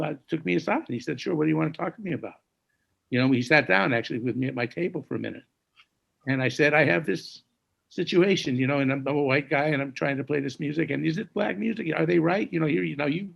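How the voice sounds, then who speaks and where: A man in his sixties telling stories as a jazz musician in an interview, dropping to a hush when he quotes others and scatting tunes now and then. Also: fairly high pitch, dull audio. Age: 60s. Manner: gravelly, hushed when quoting others, scats melodies. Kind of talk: conversational storytelling.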